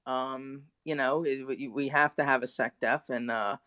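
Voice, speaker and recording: A man's voice: medium pitch, measured pace, dry recording, studio quality. Playful mock-official male guest. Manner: playful, deadpan mock-official, hesitant fillers. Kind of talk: joking improvised bit.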